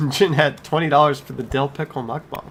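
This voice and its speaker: A man's voice: on the high side, moderate pace, fairly bright tone, slight background noise. A man, live streaming from home, chatting casually and reading viewer messages aloud while snacking.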